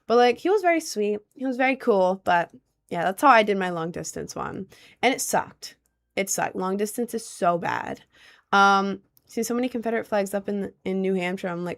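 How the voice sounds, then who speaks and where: A woman's voice: mid-range voice, expressive, brisk. A young woman streaming casually, answering viewer questions in a rambling way, filled with "like" and "um". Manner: rambling, heavy use of "like" and "um".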